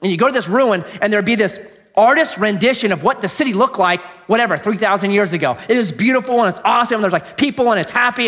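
A man preaching a sermon in a conversational storytelling way, swinging from animated bursts to hushed, low asides. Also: brisk. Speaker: pastor.

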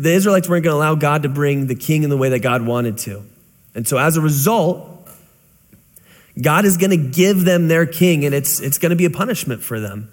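A man in his thirties preaching a conversational sermon, full of rhetorical questions. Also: fairly high pitch. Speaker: pastor. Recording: long reverb of a large hall.

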